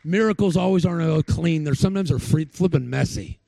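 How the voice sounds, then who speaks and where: Man preaching a sermon, gravelly voice, a bit high, dry close sound. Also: a little fast, mellow, dry recording. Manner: storytelling, acts out the people he quotes.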